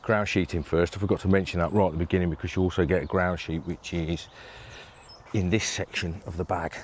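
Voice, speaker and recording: Very deep-voiced man chatting outdoors. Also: fairly even intonation, a little fast, a little hiss or hum. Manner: chatty, self-narrating while working one-handed. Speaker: angling vlogger demonstrating gear. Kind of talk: casual demo talk to camera. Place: garden outdoors. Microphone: handheld video camera.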